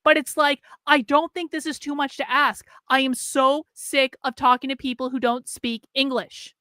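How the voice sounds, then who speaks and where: A woman's voice: high voice, flat delivery, normal speed, bright, forceful tone, no room sound, clean studio sound. A woman hosting a livestream, ranting bluntly and profanely about politics and laughing at herself. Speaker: livestream host.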